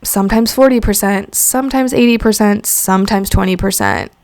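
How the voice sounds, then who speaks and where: A woman's voice: mid-range voice, brisk, darkish tone, no echo. Candid swearing woman podcast host, dry sound. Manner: candid and emotional, frequent swearing and "like" fillers. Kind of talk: solo reflective podcast talk.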